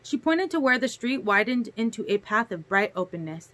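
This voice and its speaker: A woman narrating a novel chapter aloud in a steady storytelling manner. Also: fairly high pitch, moderate pace, hardly any pauses. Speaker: audiobook reader. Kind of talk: audiobook narration.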